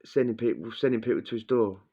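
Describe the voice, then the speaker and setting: A man's voice: mid-range voice, fast talker, creaky. A man telling a blunt, crude prison story in casual slang, acting out what people said. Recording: dull lo-fi sound.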